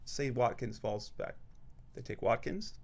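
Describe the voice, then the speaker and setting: A man's voice: mid-range voice, expressive, a little slow, darkish tone. A man appearing as a guest on a sports podcast in a studio, giving brief, agreeable replies in a casual way. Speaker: guest, team writer.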